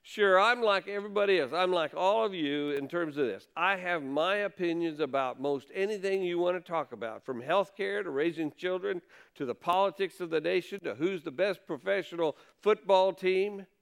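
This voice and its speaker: A man delivers a sermon in a smooth, resonant voice that sits a little high for a man. He talks to the congregation conversationally and leans hard on key words for emphasis. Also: moderate pace, fairly bright tone. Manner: conversational preaching with emphatic stresses. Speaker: pastor.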